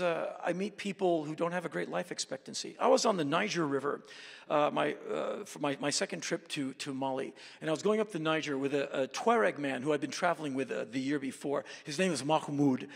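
A man spins travel tales in an animated, emphatic monologue, his voice gravelly and set a little high for a man. He swings from quiet asides to sudden shouted bursts. A long reverb from a large hall trails after each phrase. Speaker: speaker telling travel stories.

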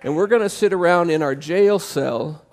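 Pastor, gravelly voice sitting a bit high, impassioned conversational sermon. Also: male voice. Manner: impassioned, conversational preaching with quick swings to loud emphasis. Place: church sanctuary.

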